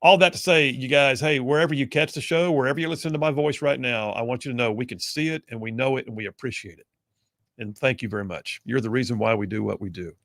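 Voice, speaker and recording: A man hosting a talk radio show, energetic and folksy. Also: medium pitch, fast, gravelly, no room sound, studio quality. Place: radio studio.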